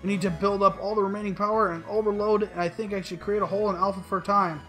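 A man voicing a calm, loyal male digital companion who speaks softly and steadily. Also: high voice, fast talker. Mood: tender. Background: game music.

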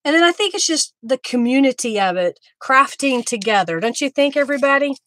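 A woman hosting a live craft stream, chatting warmly with viewers by name as she works. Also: sits high, expressive, a little fast, dry recording. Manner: friendly, talks to viewers by name while working.

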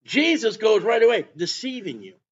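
A man preaching a sermon, emphatic, with bursts of loud delivery. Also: high voice, sing-song, moderate pace, slightly rough. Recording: dull lo-fi sound.

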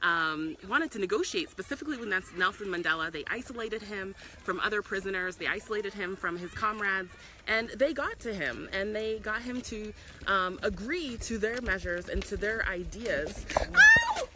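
A woman's voice: mid-range voice, normal speed, bright, forceful tone, a little hiss or hum, rough recording. A woman talking passionately on a live stream outdoors, with frequent ums and restarts. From South Africa. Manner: earnest and passionate, with many ums and self-restarts. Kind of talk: casual live-stream commentary. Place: outdoors in a public spot.

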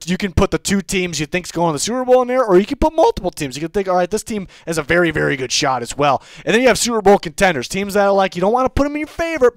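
A man's voice: sits high, no echo. A man co-hosting a casual sports show, brash and joking, with a profane streak. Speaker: podcast co-host.

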